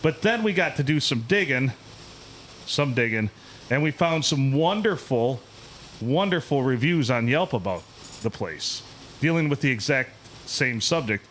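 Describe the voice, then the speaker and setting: A man tells a story on a podcast in a loose, profane, ranting way. He talks at a middling pitch and keeps the anecdote animated. Faint background noise sits under his voice. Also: unhurried. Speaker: podcast host.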